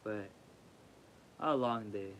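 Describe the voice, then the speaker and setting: A man's voice: on the low side, slow, fairly bright tone, slight background noise, rough recording. A sleepy man reading a sacred text aloud as a livestream host, stumbling over words, rereading them and making casual asides.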